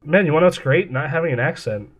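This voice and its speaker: Halting man from the American West Coast. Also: fairly high pitch, animated, a loud crowd. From West Coast United States. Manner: halting, many restarts and fillers. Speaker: podcast co-host. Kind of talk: casual chat.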